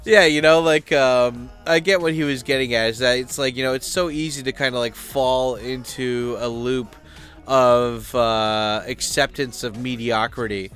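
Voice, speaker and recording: Bright, clear-voiced man chatting casually. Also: mid-range voice, fairly even intonation, a little slow, faint music behind. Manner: loose, filler-heavy, swears casually. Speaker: YouTube host. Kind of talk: casual rambling commentary.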